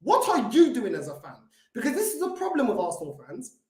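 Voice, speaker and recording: A man's voice: very high voice, huge pitch swings, a little fast, roomy sound. A man with a London accent hosting a fan live stream, talking in a confrontational, swearing way that often repeats itself. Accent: London English. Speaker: fan channel host. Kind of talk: heated live-stream rant.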